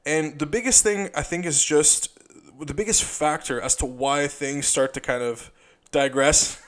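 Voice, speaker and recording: A man's voice: fairly high pitch, a little slow, a bit bright. A young man hosting a casual solo podcast, rambling with lots of fillers and repeated "you know", swearing freely. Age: young adult. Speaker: podcast host.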